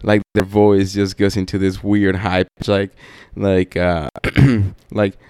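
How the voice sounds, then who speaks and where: A man's voice: low voice, level tone, slow pace, darkish tone, clean tone, no room sound, clean studio sound. A young man hosting a podcast, telling a rambling story in a laid-back, profane way with lots of fillers. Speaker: podcast host.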